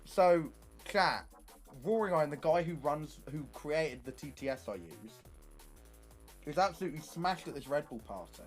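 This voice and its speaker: A young man streaming, telling stories in casual chat, animated and swearing often. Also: on the high side, moderate pace, faint music behind.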